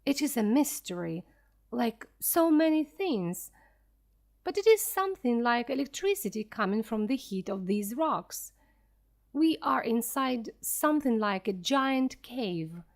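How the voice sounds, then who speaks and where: A woman's voice: on the high side, big pitch swings. Woman reading as an eager old professor. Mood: excited. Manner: eager, explaining slowly and clearly. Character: excited elderly male professor explorer.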